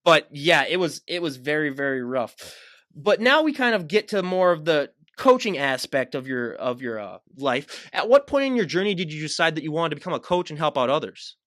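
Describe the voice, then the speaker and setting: A man's voice: fairly high pitch, sing-song, fairly quick, a bit bright, no room sound. A man hosting a podcast, chatting casually with his guest in a rambling way, full of fillers and restarts. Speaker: podcast host. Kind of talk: casual interview chat.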